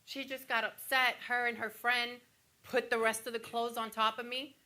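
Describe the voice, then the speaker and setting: An actress playing a wounded woman patient on stage who recalls cruel nurses, teary and halting with flashes of wry humor. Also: on the high side, level tone, bright, forceful tone. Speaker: stage actor playing a breast cancer patient. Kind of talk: theatrical monologue.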